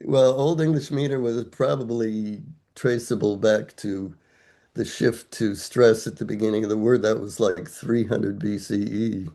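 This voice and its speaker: A man's voice: on the low side, fairly even intonation, unhurried, creaky, dark tone. An older man, a guest scholar, explaining ideas step by step in a thoughtful, conversational academic way, asking himself rhetorical questions.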